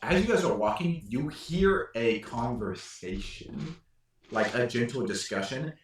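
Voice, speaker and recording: A man's voice: medium pitch, a little hiss or hum. A man with a Welsh accent running a tabletop game as game master, talking casually and laughing often. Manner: laughing often, animated and quick. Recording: far from mic, very echoey room.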